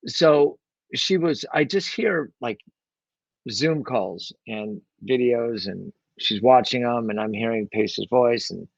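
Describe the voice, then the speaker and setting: This real estate investor, a guest in an interview, tells his story in a rambling way, full of fillers and false starts. His mid-range voice is gravelly, and his own microphone gives a dry, muffled recording.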